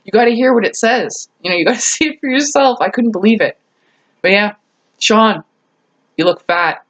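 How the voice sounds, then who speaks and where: A woman vlogger tells a casual story straight to her viewers. Her voice sits a little high, and she chats along, laughing often and restarting her sentences. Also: lively intonation, quick pace.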